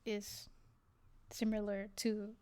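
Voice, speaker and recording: A woman livestreaming her art and chatting casually, often pausing to hunt for the right word. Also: medium pitch, monotone, warm tone. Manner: halting, searching for words with many fillers. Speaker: livestreaming artist. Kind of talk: casual chat while reacting to a video.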